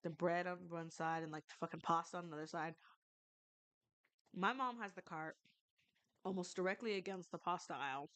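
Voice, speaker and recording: A woman's voice: fairly low pitch, fairly bright tone. A young woman streamer telling a true story in a loose, rambling way, with lots of fillers and casual swearing.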